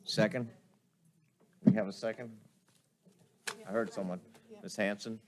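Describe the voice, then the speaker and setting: Slow, low-voiced man chairing a meeting. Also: steady tone, background noise. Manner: measured, procedural. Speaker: board president chairing the meeting. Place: public board meeting room.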